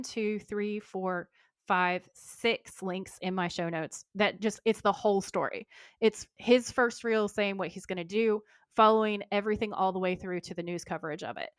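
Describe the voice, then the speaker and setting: A woman's voice: mid-range voice, clear, resonant tone, dry recording. Chatty woman podcast co-host, dry sound. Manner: warm, chatty and enthusiastic. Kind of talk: casual chat and reading aloud.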